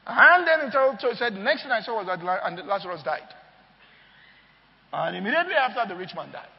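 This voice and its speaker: High-voiced preacher in an echoing hall. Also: male voice, brisk, gravelly. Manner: animated storytelling, often asks the crowd if they follow. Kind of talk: sermon. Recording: long hall reverb, dull lo-fi sound.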